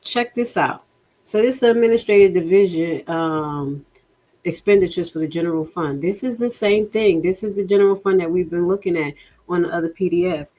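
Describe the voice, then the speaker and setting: A woman's voice: fairly low pitch, brisk, mellow. Exasperated outspoken woman livestreamer. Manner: outspoken and exasperated, swears, addresses viewers as y'all. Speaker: livestream host reviewing a township budget. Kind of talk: casual livestream commentary.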